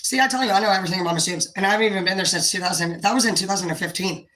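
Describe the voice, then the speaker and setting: A woman hosting a livestream, ranting to her viewers, swearing constantly and rambling, sometimes dropping to a low quiet tone. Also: very fast, roomy sound, rough recording. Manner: profane, heated, swearing constantly. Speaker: livestream host talking to viewers. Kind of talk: unscripted livestream rant.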